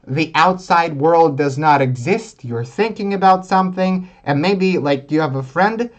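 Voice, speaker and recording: A man's voice: fairly high pitch, expressive, unhurried. A man teaching English in a live online lesson, explaining phrases in an easygoing way with many fillers.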